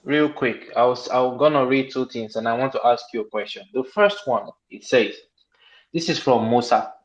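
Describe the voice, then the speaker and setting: A man's voice: mid-range voice, normal speed. A man hosting an online call, asking speakers questions and stressing words as he reads quotes aloud. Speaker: host.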